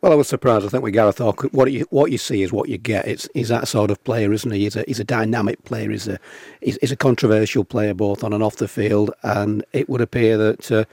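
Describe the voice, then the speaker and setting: A man with a Northern English accent, speaking as a radio pundit with dry humor and measured analysis. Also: fairly low pitch, fairly even intonation, a little mellow, slightly rough, no room sound. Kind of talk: studio chat and analysis.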